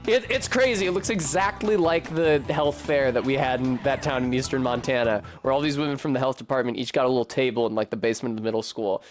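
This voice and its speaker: A young man streaming a video game, rambling in casual chat with a sardonic, swearing manner. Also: medium pitch. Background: faint game music.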